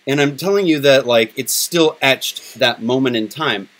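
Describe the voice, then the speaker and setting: A man's voice: mid-range voice, normal speed, fairly bright tone. A middle-aged man hosting a podcast in casual chat, candid and emotional, swearing freely. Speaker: podcast host.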